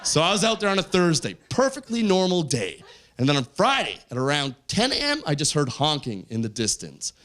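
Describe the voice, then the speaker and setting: Canadian male stand-up, high and bouncy delivery, acts out the people he talks about. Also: brisk. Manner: animated storytelling, jumping into voices. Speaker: stand-up comedian. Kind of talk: stand-up comedy performance. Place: stage in front of a live audience.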